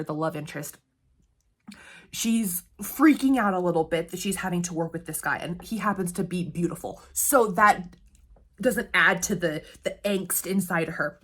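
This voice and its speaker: Chatty woman reviewing books. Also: fairly low pitch. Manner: chatty, laughs often while talking. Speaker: book reviewer. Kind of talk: casual book review chat.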